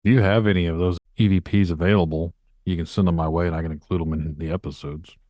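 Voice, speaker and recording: Deep, fast-talking man host. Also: steady tone, warm tone, dry recording, studio quality. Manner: brief, quick interjections. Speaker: podcast host.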